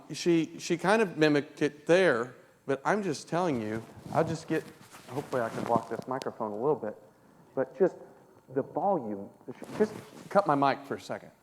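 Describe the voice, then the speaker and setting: On stage at a youth convention, a man with a fairly high voice shares a story with his wife, the two trading playful, teasing interruptions. The large convention hall adds long reverb and faint ambience, with a little hiss or hum in the recording.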